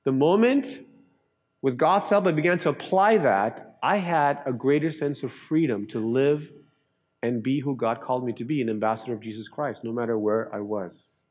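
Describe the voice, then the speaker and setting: Man preaching a sermon with earnest swings. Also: normal speed. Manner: earnest preaching that swings between lively raised storytelling and quiet, low emphasis. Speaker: pastor.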